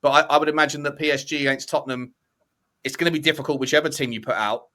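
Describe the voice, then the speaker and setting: A man's voice: fairly high pitch, fairly even intonation, very fast, pushed and bright. A man on a fan podcast panel, rambling and correcting himself as he talks through fixtures. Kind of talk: casual football debate.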